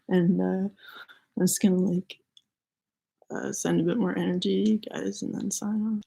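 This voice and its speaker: Hoarse lady doing a chill spiritual reading, super gravelly, dark mellow tone, says like a lot. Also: mid-range voice, little pitch movement, moderate pace, low-quality recording. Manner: loose and rambling, many "like" fillers. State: hoarse, losing her voice. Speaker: spiritual reader. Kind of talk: casual spiritual reading to viewers.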